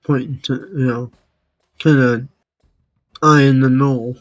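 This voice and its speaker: A man's voice: mid-range voice, fairly even intonation, dry recording, faint music behind. Hesitant male player, dry sound. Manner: halting, hesitant. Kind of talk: tabletop role-play.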